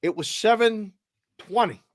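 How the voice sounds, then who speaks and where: A man's voice: high voice, unhurried, no room sound, studio quality. Man with a Boston accent telling a story. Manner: emotional, animated retelling with quoted voices. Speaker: sports betting show host. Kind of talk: casual storytelling.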